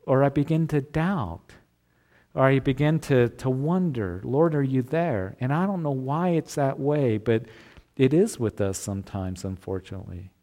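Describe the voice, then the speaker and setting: Here the pastor is animated and darker in tone, speaking at a normal speed in his everyday middle register. His sermon stays earnest and conversational, and he occasionally begins a phrase over while developing his argument.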